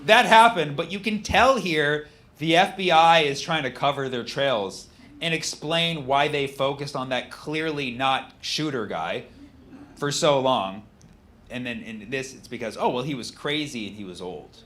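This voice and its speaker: A man doing a stand-up comedy routine, mocking text messages, switching between a flat deadpan read and loud, excited punchlines. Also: medium pitch, unhurried, a little hiss or hum. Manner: animated, mocking, reads texts aloud in flat deadpan, shouts punchlines.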